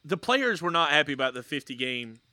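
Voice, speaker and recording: A man's voice: on the high side, very animated, sharp tone. A man co-hosting a sports podcast, chatting casually and goofing around with his co-host. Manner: joking, goofy, quick to laugh.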